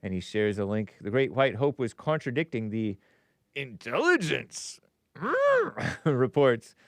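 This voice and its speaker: A man's voice: on the low side, moderate pace, dry recording, clean studio sound. Chatty man hosting a livestream. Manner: chatty, laughs often, mutters asides quietly. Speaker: livestream show host reading viewer messages. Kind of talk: casual livestream commentary.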